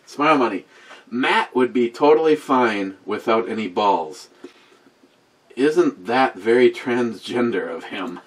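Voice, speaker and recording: A man's voice: mid-range voice, animated, slow, slightly rough. A man in his sixties hosting a beer review in casual chat to camera, rambling and profane, with wisecracks and asides to a voice assistant. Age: 60s. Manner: talks back to a voice assistant.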